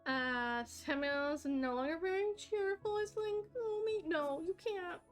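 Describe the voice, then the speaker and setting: A woman talks to her chat while she plays, thanking followers and reacting loudly when things go her way. Her voice sits high and bright. Faint game music plays in the background. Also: a little slow. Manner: chatty, excitable, talks to chat while playing. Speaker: streamer. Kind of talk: live game stream chat.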